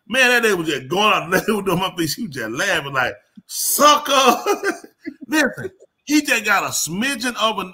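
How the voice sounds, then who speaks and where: A man's voice: high voice, bright, forceful tone. A man telling a rambling, slangy comic story to a live audience. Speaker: comedy show host.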